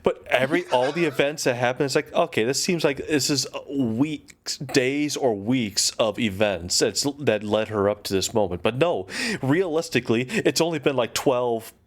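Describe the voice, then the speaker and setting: A man co-hosting a casual podcast chat, cracking jokes and quick asides. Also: mid-range voice. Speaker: podcast co-host.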